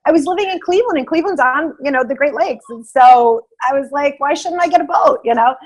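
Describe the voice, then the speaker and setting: A woman talking as a guest in an interview, telling a personal story in a lively way with many fillers and restarts. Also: high-pitched, fast talker, rough recording.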